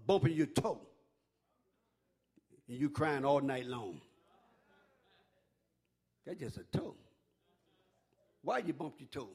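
An older man with a mid-range voice preaches a sermon in call-and-response style, sinking to a hush before rising to a shout.

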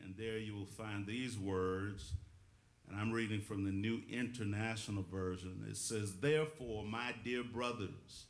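A man's voice: lowish voice, steady tone, a little slow, echoey room. A male pastor preaching a call-and-response sermon, rhythmic and calling on the congregation for witnesses. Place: church sanctuary.

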